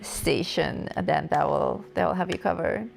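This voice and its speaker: A woman co-hosting a casual gameplay livestream, chiming in with short relaxed replies and reading out chat messages. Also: low voice, unhurried, creaky, faint music behind. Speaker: co-host of a game stream.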